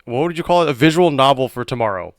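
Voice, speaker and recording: A man streaming and chatting on a call, teasing and exasperated in a deadpan way. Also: medium pitch, quick pace, no room sound, clean studio sound. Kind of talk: casual chat on a call while streaming.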